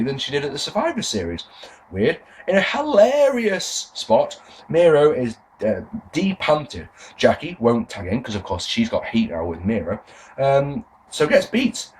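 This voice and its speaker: A man talking through a review in a casual monologue, sarcastic and easily exasperated. His pitch swings widely as he talks, from dry asides to bursts of disbelief, while his voice stays at a middling height. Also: darkish tone, slight background noise, rough recording. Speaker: wrestling review podcast host.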